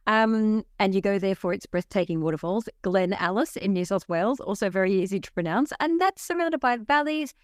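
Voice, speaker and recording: A woman, co-hosting a podcast in casual chat, lively and enthusiastic. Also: mid-range voice, fairly quick, few pauses, dry recording, clean studio sound. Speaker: podcast co-host.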